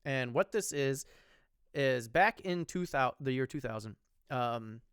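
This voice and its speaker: A man's voice: mid-range voice, lively intonation, unhurried, a bit bright, smooth, no echo, studio quality. Rambling, foul-mouthed podcast guy. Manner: rambling, profane, lots of ums and restarts. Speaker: podcast co-host. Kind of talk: casual chat.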